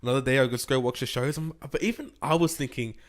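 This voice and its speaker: A man's voice: medium pitch, fast talker. An Australian man co-hosting a podcast, telling stories in a rambling, casual way with many fillers. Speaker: podcast co-host. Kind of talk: casual chat.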